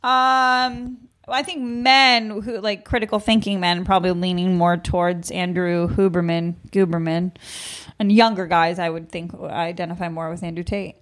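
A woman's voice: fairly low pitch, moderate pace. Profane storytelling woman. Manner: profane, animated storytelling with acted-out quotes. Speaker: podcast guest. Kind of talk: casual chat.

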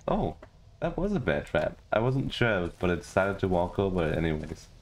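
A man from Denmark giving goofy, casual commentary on a game he is playing, talking to the characters and jumping into high squeals. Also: sing-song, normal speed, a little hiss or hum. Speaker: gaming streamer.

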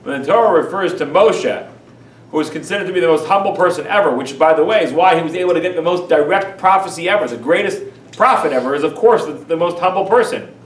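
Rabbi lecturer, male, high voice, emphatic and animated; echoey, distant recording. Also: quick pace. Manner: animated, emphatic, rhetorical questions. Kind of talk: lecture on Jewish teachings. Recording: echoey room, far from mic.

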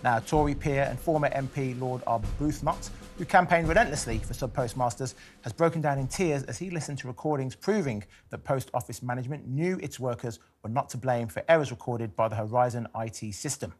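A man's voice: mid-range voice, brisk, hardly any pauses. Give me a male TV host with a mid-range voice and an upbeat manner, with faint music behind him. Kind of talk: live TV talk show presenting.

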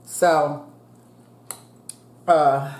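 A woman in her fifties with a low, slightly mellow voice speaks very slowly with fairly even intonation. A food vlogger, she chats casually with viewers while she eats, calling them "y'all" and praying aloud. The room sounds echoey.

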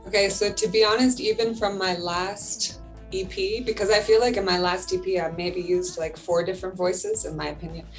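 A woman's voice: mid-range voice, steady tone, normal speed, faint music behind. A woman in her thirties, a singer and producer, talking reflectively in a casual interview and laughing often. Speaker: singer and music producer, guest.

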